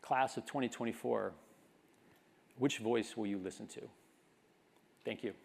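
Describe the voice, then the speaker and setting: Man, fifties, graduation speech, earnest, reflective, middle pitch. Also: unhurried, creaky, very noisy. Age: 50s. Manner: earnest, reflective, building to exhortation. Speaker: commencement speaker.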